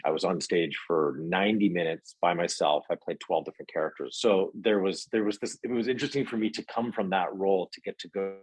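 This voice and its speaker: Low-voiced man chatting casually, husky. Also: fairly even intonation, brisk, few pauses, dry recording, poor audio. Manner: rambling, many fillers and restarts. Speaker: actor guest. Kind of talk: casual interview chat.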